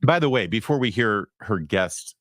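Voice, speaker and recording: A man's voice: fairly low pitch, expressive, normal speed, fairly bright tone, no room sound. A male host giving sarcastic, emphatic commentary on news clips. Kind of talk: opinionated commentary.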